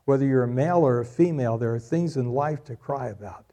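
A man's voice: mid-range voice, quick pace, dark tone. A middle-aged man preaching a sermon, repeating key lines for emphasis and joking with the congregation. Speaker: pastor.

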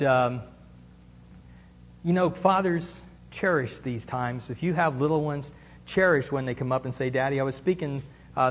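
A male pastor preaching a sermon in a conversational way, asking the congregation questions and building to emphatic peaks. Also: mid-range voice. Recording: dull lo-fi sound with long church reverb.

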